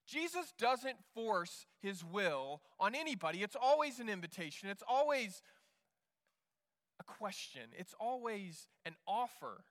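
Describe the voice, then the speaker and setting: A man's voice: high voice, big pitch swings, a little slow, fairly bright tone, long reverb tail. A male pastor preaching a sermon in an earnest way, often repeating words as he restarts.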